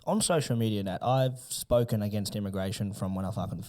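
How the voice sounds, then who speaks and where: A man's voice: lowish voice, a little fast, darkish tone. An outspoken man talking as a podcast guest, blunt and swearing freely in casual conversation. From Australia.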